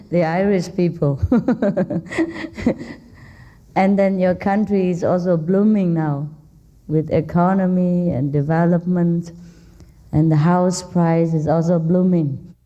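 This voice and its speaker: A woman spiritual teacher speaks slowly to a seated audience in a hall, joking and teasing as she goes. Her English is simple and non-native, and her voice is soft and mellow. The recording sounds a little dull. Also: on the low side, steady tone. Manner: playful, teasing, laughs often. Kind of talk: informal dharma talk to an audience.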